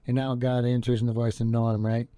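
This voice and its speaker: A young man hosting his own podcast, wandering from thought to thought in a relaxed, filler-heavy ramble. His voice is mellow and smooth, and the sound is dry and close. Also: mid-range voice, fairly quick, no room sound. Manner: laid-back, meandering, full of fillers. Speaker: podcast host. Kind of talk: rambling casual monologue.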